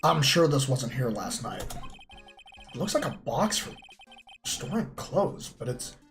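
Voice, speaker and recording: A woman's voice: very deep voice, big pitch swings, measured pace, soft background music. Crude, joking woman streamer. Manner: crude, joking, swears often. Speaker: streamer playing a courtroom game. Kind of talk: casual livestream chat, reading game text aloud.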